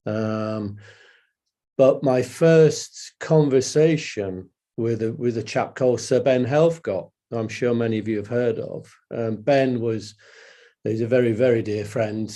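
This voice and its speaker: A man giving a guest talk over a video call, emotional and hesitant, with halting delivery. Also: medium pitch, dark tone. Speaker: project director.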